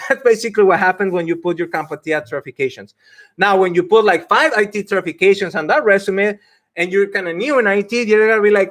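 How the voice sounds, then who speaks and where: A career coach talks through a live stream with a fairly high voice. He is emphatic and laughs often, and he acts out mock quotes of the people he argues against. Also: fast talker, a bit bright.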